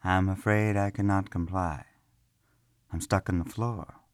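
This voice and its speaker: A man doing a soft, serene trapped young man. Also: deep voice, steady tone, measured pace, no echo, clean studio sound. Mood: calm. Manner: soft, pleasant and reassuring. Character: young man trapped in a floor, calm, smiling, cryptic. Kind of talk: storybook character reading.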